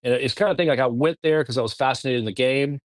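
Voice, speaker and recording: Southern-accented man, middle-aged, guest storyteller, lively restarts, dry studio mic. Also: medium pitch, dry recording. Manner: animated, halting, lots of restarts. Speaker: podcast guest. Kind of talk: casual storytelling.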